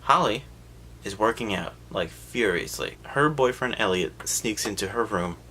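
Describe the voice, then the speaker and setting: A man giving a sarcastic, profane comedic recap of a film, jumping into quick voices for the characters. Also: lowish voice, lively intonation, pushed and bright, slight background noise.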